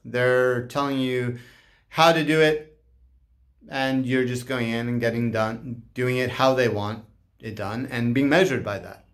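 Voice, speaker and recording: A man who works as a life coach, talking casually and haltingly to camera and acting out bits of dialogue. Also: medium pitch. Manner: slow, halting, acts out dialogue in animated voices.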